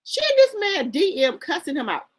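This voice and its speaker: Animated woman dishing gossip. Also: high-pitched, normal speed. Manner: animated, emphatic, exclaiming and cussing. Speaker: commentary channel host. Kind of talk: gossip commentary.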